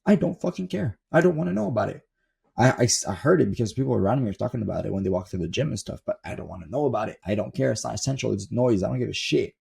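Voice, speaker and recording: Gravelly, husky young man, profane and blunt. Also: fairly low pitch, racing, few pauses, a little mellow. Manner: profane, emphatic, repeats for stress. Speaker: self-improvement coach. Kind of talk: blunt motivational monologue. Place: desk in his room at home.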